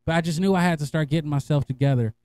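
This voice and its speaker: A fairly high-pitched man talks casually to his listeners, swearing freely and breaking into laughter. He tells his stories in an animated, conversational way. He sounds middle-aged and relaxed. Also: very fast. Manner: laughing, profane, animated storyteller. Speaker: podcast host. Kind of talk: casual storytelling monologue.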